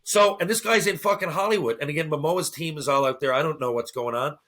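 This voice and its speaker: A man's voice: fairly high pitch, quick pace. A middle-aged man, a podcast guest, telling a story in casual, profane talk and acting out the voices of the people in it. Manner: profane, animated, acts out quoted voices.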